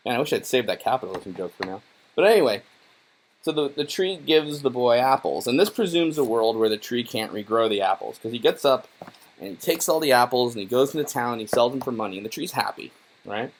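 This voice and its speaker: A man's voice: medium pitch, expressive, moderate pace. Sarcastic, rambling young man. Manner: irreverent, profane, rambling with many fillers. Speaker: YouTuber reviewing a children's book. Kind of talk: casual sarcastic commentary.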